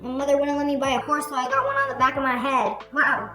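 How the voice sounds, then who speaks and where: A woman's voice: high-pitched, fast talker. Sarcastic woman reacting to clips, echoey room, some music faint underneath. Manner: animated, sarcastic and joking. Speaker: reaction video host. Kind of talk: casual reaction commentary. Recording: roomy echo with faint music.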